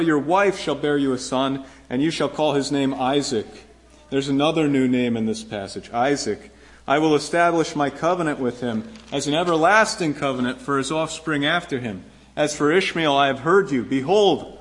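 Man, pastor, sermon, slightly high pitch, earnest, emphatic repetition. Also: moderate pace. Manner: earnest, emphatic repetition, rising for quoted promises.

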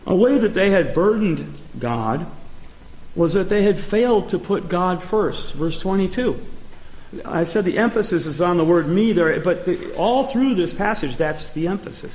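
A man preaching a sermon, speaking emphatically and pausing often as he reads scripture. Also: sits high, lively intonation, darkish tone. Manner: slow, emphatic preaching with pauses and restarts. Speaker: pastor. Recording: echoey room.

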